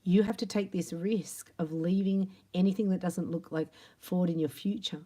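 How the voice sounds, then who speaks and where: A woman giving a tarot reading in a chatty, animated monologue, acting out imagined quotes and sometimes dropping to a soft whisper. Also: lowish voice, moderate pace. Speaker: tarot reader.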